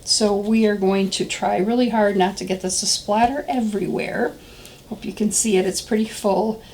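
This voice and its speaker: A woman's voice: medium pitch, steady tone, normal speed, darkish tone, a little hiss or hum, low-quality recording. A woman demonstrating soap making in a casual step-by-step tutorial, chatty and thinking aloud with plenty of ums. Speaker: soap maker demonstrating a recipe.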